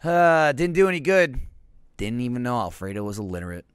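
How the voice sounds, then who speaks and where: A young man doing comedic gameplay commentary, acting out melodramatic mock grief. He swings between shouts and mutters and swears freely. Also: mid-range voice, big pitch swings, brisk, clear, resonant tone, no echo, studio quality. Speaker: let's play gamer.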